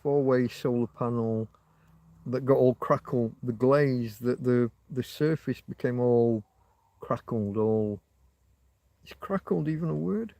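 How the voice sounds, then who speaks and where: A man's voice: medium pitch, slow pace, vocal fry, dark tone, no room sound. A man hosting a loose livestream chat with viewers from outdoors in a field, talking in a rambling, wry, self-mocking way with frequent restarts. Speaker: livestream host. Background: passing motorbike.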